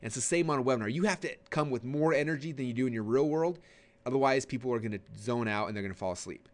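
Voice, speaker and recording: A man leads a recorded webinar lesson at a brisk clip. His delivery is emphatic and animated, spilling out in quick, conversational bursts with plenty of restarts. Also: mid-range voice. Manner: energetic and emphatic, sitting forward and gesturing; conversational with frequent fillers and restarts. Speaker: online marketing instructor.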